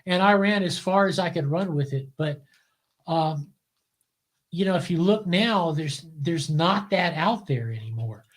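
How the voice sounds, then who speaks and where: Older man guest, animated storyteller, voices his quotes. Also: a little high, unhurried. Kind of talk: casual storytelling interview.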